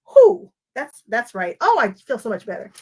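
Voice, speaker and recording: A woman's voice: on the high side, big pitch swings, a little fast, fairly bright tone, husky. Chatty woman hosting a crafting livestream. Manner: chatty, goes off on tangents, laughs, talks to viewers by name. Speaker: quilting livestream host. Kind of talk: casual live crafting chat.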